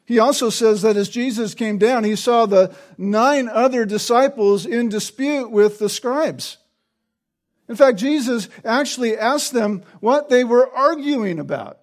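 High-voiced man preaching. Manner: explanatory, with frequent tag questions. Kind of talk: expository sermon.

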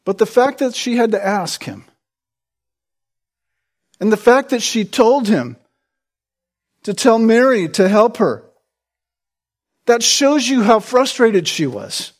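High-voiced emphatic male preacher. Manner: emphatic, repeats "right?" to draw in listeners. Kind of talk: sermon.

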